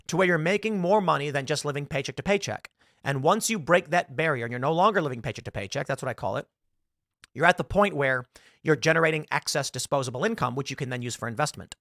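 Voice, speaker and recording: Animated, bright-voiced male host. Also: fairly high pitch, no room sound, studio quality. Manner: animated, theatrical storytelling with rhetorical questions. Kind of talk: casual commentary monologue.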